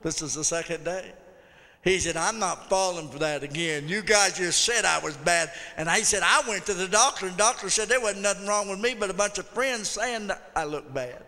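Male pastor, bright ringing voice, long church reverb, folksy sermon storyteller. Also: high voice, moderate pace. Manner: folksy storytelling with audience call-outs. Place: church sanctuary.

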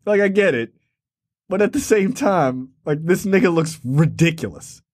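In a clean studio recording with no room sound, a podcast co-host with a fairly high voice reviews a film in casual chat. He talks at normal speed, staying animated and often joking and laughing.

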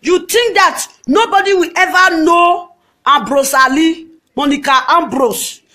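Nigerian woman, high-pitched, hosting a dramatic scolding live-video rant. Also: unhurried. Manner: loud, scolding, dramatic outbursts. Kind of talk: ranting live video monologue.

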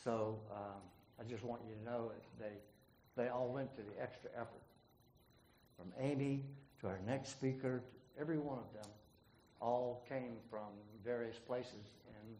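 A man's voice: lowish voice, dark tone. Folksy man telling a joke in an echoey room. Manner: folksy storyteller with throat clearing and fillers. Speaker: forum moderator. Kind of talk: joke telling and speaker introduction. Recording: echoey room with faint noise.

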